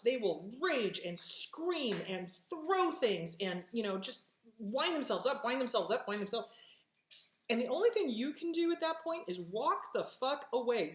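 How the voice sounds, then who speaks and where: A woman's voice: on the high side, echoey room. A woman hosting a show on relationships, talking plainly and bluntly with swearing, often acting out quoted reactions. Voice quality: animated, acts out voices in quotes. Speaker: host answering relationship questions. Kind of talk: casual talk, emphatic and profane.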